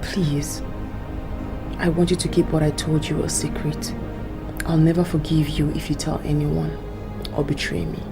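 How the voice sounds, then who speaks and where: A woman's voice: sits low, little pitch movement, normal speed, pauses often, music in the background. An actress playing a woman who pleads with a friend to keep her secret. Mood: pleading.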